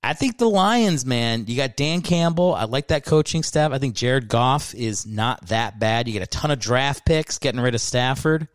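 A man's voice: mid-range voice, lively intonation, normal speed, hardly any pauses, no echo, clean studio sound. A man hosting his own podcast, ranting casually with profanity and self-mocking asides. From Philadelphia area. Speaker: podcast host. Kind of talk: casual solo podcast rant.

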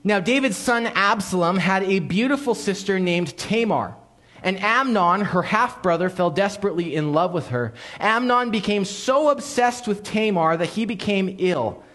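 A man preaching a sermon as a pastor, telling the story in an animated way, acting out quotes and dropping suddenly to a hush. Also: sits high, moderate pace.

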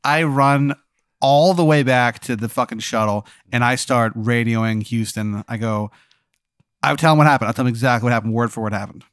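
A man playing his character in a comedic role-play game, incredulous and deadpan, full of questions. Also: medium pitch, brisk, clear, resonant tone, no echo, studio quality. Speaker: player.

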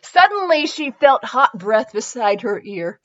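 A woman's voice: on the high side, sing-song, unhurried, dull audio. A woman podcast host reading fan fiction aloud for comedy, breaking off into giggles and self-mocking asides.

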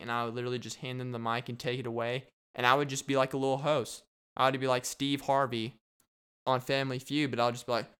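A young man talks through his own solo podcast, jumping from joke to joke and laughing at his own lines. His voice is smooth and clean, sitting at an ordinary middle pitch. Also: fairly bright tone. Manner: rambling and jokey, laughs at his own bits. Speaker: podcast host. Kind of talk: casual solo podcast monologue.

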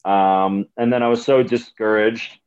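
A man's voice: on the low side, a little slow, clean tone, lo-fi sound. Profane rambling young man. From Canada. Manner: rambling, profane, animated storytelling. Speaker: comedian guest. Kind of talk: casual podcast chat.

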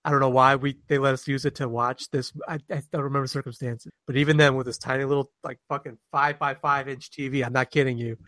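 A man's voice: mid-range voice, quick pace, hardly any pauses, no room sound, clean studio sound. A man in his forties, co-hosting a casual chat and telling stories with lots of swearing and laughter. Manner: animated storyteller, swears freely, laughs often. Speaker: podcast co-host.

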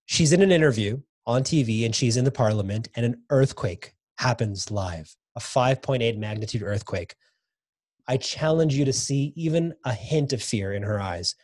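A man being interviewed about his book, talking enthusiastically and repeating words when he gets excited. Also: medium pitch, normal speed, no room sound, studio quality. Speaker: guest author. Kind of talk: casual podcast interview.

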